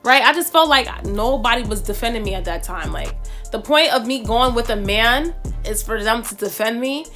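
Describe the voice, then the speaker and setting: A woman's voice: a little high, moderate pace, faint music behind. A young woman telling a storytime vlog about buying her first car, acting out the people in it. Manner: animated, acts out quoted voices.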